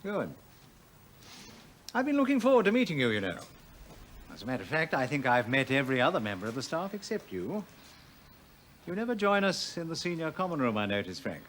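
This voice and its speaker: A cool ironic college official, dry and probing, voice rises and dips a lot, light hiss. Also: male voice, a little high, sing-song, fairly bright tone. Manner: measured, dry, insinuating. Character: smooth, probing male university official, coolly ironic. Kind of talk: 1980s television drama.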